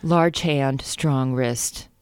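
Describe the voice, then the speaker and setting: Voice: mid-range voice, drawn-out words, clear, resonant tone, dry recording. A podcast co-host reading a romance novel aloud in a casual, comedic way, giggling and stumbling over words.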